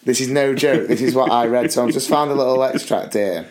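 Speaking a little fast at medium pitch, this man co-hosts a podcast, spinning casual stories and voicing the characters in them with lively impressions.

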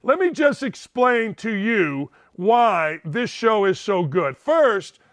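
A man's voice: high voice, smooth, no room sound. A man hosting his own show from home, talking straight to his audience in a casual monologue, emphatic and repeating lines for punch. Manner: emphatic, repeats lines for punch, keeps calling out "ladies and gentlemen". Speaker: show host.

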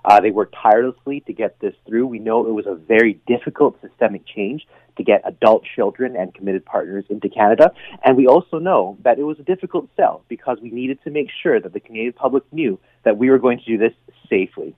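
A man's voice: mid-range voice, fast, no room sound. A man being interviewed as founder of an advocacy group, speaking earnestly and measuredly with light laughs. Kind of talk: radio interview over the phone. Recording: tinny phone line.

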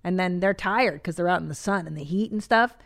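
A woman's voice: on the low side, a little fast. Brash, blunt-talking woman podcast host. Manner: blunt, brash, swears freely. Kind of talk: casual advice chat.

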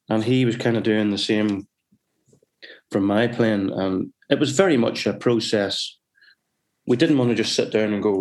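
Pitched fairly low and moving at a normal speed, this Northern Irish man's voice carries his region's accent as he chats casually as a musician guest. He rambles through his anecdotes, often restarting and correcting himself.

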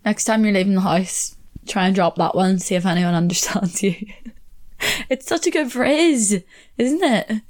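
A woman's voice: mid-range voice, normal speed, darkish tone. A young Irish woman talks through her own podcast in a loose, chatty way. She laughs easily and scatters fillers through her sentences, with a voice sitting right in the middle of the usual range. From Ireland. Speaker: podcast host. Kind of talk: casual solo podcast chat.

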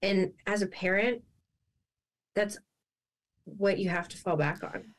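A woman's voice: medium pitch, takes it slowly. A woman guest and parent speaking earnestly in a podcast interview. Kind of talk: conversational interview.

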